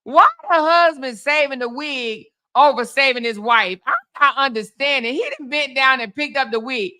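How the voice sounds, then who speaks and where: A woman hosts a casual reaction commentary and talks straight to her viewers. Her voice sits a little high, and her tone is bright and forceful. She speaks in an animated way, exclaiming as she reacts. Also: normal speed, clear, resonant tone. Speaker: host.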